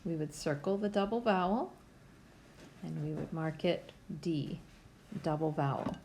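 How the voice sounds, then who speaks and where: A woman's voice: low-pitched, vocal fry, background noise. A woman teacher giving a patient, step-by-step phonics lesson to young students from home. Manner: slow, patient, step-by-step instruction.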